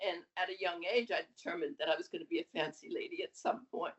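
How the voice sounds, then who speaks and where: A woman in her seventies, a guest on an interview podcast, telling her story in a lively, animated way. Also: lowish voice, quick pace. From USA. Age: 70s. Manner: lively, animated storytelling with laughs and acted quotes. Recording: dull lo-fi audio.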